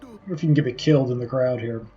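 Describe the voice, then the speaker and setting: A man's voice: mid-range voice, rapid-fire, dark tone. A man commenting on a game playthrough, reading its text aloud and making offhand remarks. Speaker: gaming streamer. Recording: slightly muffled, with game music.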